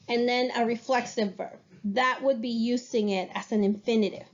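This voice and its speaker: A woman's voice: fairly high pitch, fairly even intonation, normal speed, dull audio. A woman teaching Spanish grammar to a class, explaining patiently and checking in with her students.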